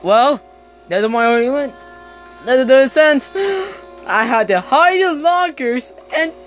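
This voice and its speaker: A woman's voice: sits high, animated, slow pace, over music. A young woman playing a horror game, swearing and screaming whenever something startles her. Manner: jumpy, swears and screams at scares. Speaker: gamer.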